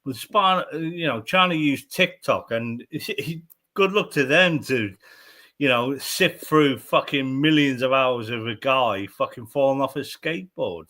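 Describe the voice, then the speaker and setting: A man with a bright, sharp-edged voice, joining a loose stream chat as a guest. He drops dry, crude wisecracks into the conversation. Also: mid-range voice, measured pace. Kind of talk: casual banter.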